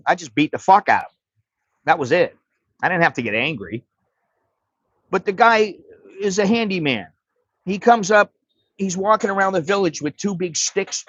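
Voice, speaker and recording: Middle-aged american guy ranting on a livestream, kinda high voice, swears a lot, dull dry lo-fi sound. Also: animated, moderate pace, pauses often, fairly bright tone, breathy edge, no room sound. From United States. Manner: blunt and profane, rambling with restarts. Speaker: livestream host. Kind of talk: casual livestream storytelling. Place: home livestream setup. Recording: dry, dull lo-fi stream audio.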